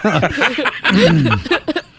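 A man's voice: high voice, huge pitch swings, drawn-out words, fairly bright tone. Easygoing male co-host, casual and playful. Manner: laid-back, jokey, does little voices. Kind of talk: casual chat.

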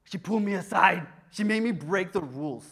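Animated young man preaching. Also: sits high, a little fast, slightly rough. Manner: animated storytelling, acting out voices. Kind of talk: sermon with personal story.

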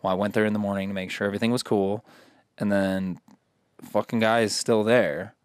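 A man telling a story in a casual, profane, animated way, acting out quotes as he goes. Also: on the low side, a little fast, clean tone, no room sound, clean studio sound.

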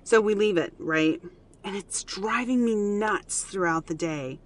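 A woman's voice: medium pitch, unhurried. Earnest woman telling a family story. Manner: earnest, animated, with frequent fillers. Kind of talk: casual personal storytelling.

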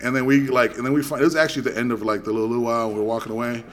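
A middle-aged man hosting a podcast, telling a story in casual chat, animated and profane, acting out both sides of a quarrel. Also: medium pitch, very fast. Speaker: podcast host.

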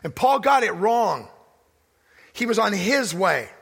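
A pastor preaching a sermon, with emphatic delivery that swings from loud declarations to hushed asides. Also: male voice, high voice, sing-song, slow pace, creaky, breathy edge. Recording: long hall reverb.

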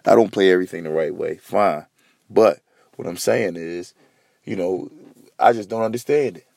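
A man's voice: sits low, moderate pace, creaky, darkish tone, no echo, clean studio sound. A man hosting a podcast in a heated, profane, repetitive rant. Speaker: podcast host.

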